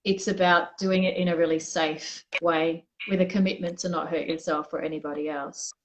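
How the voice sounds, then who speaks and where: A woman's voice: on the low side, fairly even intonation, moderate pace, slight background noise, rough recording. A woman being interviewed as a guest, telling a personal story in a candid, reflective way and often restarting her sentences. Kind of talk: conversational interview.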